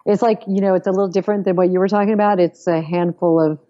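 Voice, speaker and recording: A woman's voice: medium pitch, fairly even intonation, fast, warm tone, highs cut off. A woman podcast guest talking casually and enthusiastically, praising things emphatically. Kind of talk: casual conversation.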